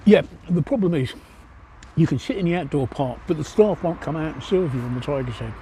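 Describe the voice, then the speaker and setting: Cockney man livestreaming from a pub terrace, mellow, swears a lot. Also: fairly high pitch, expressive, a little fast, slight background noise. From East London, England. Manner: rambling and blunt, swears freely. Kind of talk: casual livestream chat answering viewers. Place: outdoor pub seating by a street.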